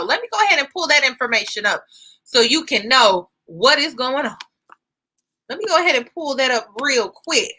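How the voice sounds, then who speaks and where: Woman, high voice, bright, chatty live-stream host, giving shout-outs. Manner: chatty, shouts out viewers, exclaims. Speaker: YouTube host reacting live. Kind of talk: casual live-stream reaction chat.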